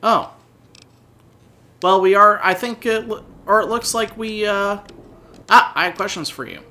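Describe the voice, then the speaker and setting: A man's voice: sits high, unhurried, bright, forceful tone. A man hosting a let's play, doing playful mock-interview commentary with easy laughs and hesitant fillers.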